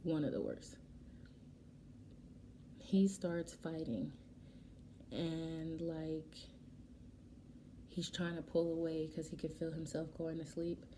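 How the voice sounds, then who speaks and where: Young woman vlogger, warm low voice, emotional chatty storytelling, light background hiss. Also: takes it slowly, long pauses. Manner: emotional, animated retelling with quoted dialogue. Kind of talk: casual storytelling while doing makeup. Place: home, getting ready.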